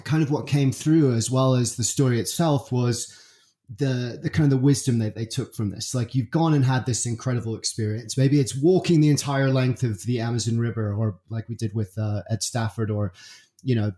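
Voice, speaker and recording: A British man, a podcast guest, chatting in a relaxed, friendly way with frequent ums. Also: medium pitch, moderate pace. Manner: relaxed and friendly, says mate, um-filled. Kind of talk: casual interview chat.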